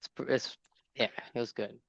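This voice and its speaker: A man with a South African accent, co-hosting a podcast in relaxed casual chat and often restarting his sentences. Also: normal speed, no echo, lo-fi sound. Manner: laid-back, hesitant, restarts a lot. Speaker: podcast co-host.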